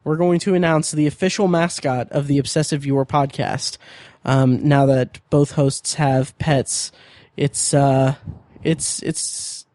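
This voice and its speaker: A man's voice: fairly high pitch, measured pace, few pauses, a little mellow, dry recording, clean studio sound. A man co-hosting a podcast, chatting casually, rambling and joking with lots of fillers and restarts. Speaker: podcast co-host.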